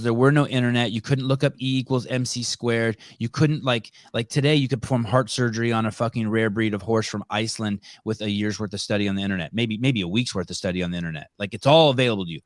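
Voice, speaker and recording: A man's voice: medium pitch, steady tone, fast talker, no echo, clean studio sound. A man hosting a podcast, talking in a blunt, profane, joking way in casual chat. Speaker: podcast host.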